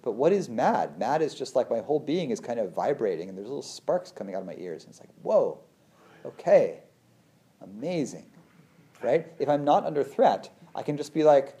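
A man, a meditation teacher, giving a conversational talk on feelings and the body, who often acts out his inner voice with sudden lively jumps. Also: mid-range voice, fast talker, few pauses. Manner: conversational, many fillers and restarts. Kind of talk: reflective talk on feelings and the nervous system.

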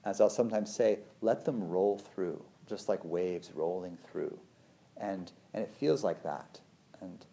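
A man speaks in a low, warm voice, talking through feelings and the nervous system like a meditation teacher. He is conversational, full of "like" and restarts. He jumps up in pitch when he acts out what his inner voice says. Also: creaky. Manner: conversational, many fillers and restarts.

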